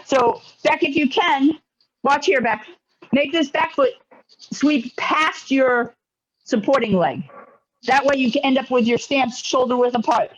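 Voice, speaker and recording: A man teaching a karate class online, giving brisk, encouraging commands. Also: very high-pitched, a bit bright. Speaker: karate instructor. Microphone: video call. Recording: lo-fi video call audio.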